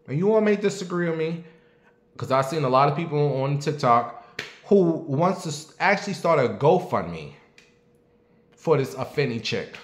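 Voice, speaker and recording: A man's voice: fairly high pitch, very animated, normal speed. A man in his late thirties hosting his own show, talking bluntly and with plenty of profanity in a casual commentary monologue, and asking his audience what they think. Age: late 30s. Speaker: show host. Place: at home. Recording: echoey room.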